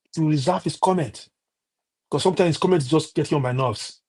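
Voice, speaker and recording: A slightly high, darkish voice with a breathy edge belongs to a Nigerian-accented man speaking a little fast. He delivers a heated political rant on a live stream, impassioned and repetitive, often restarting and using fillers.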